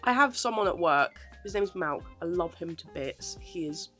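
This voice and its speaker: A woman's voice: fairly low pitch, animated, moderate pace, a bit bright, soft background music. A woman in her twenties from England with a Southern English Portsmouth accent, chatting casually in a giggly, self-deprecating way. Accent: Southern English, Portsmouth area. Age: 20s. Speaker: aspiring actor vlogger. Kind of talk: casual chat.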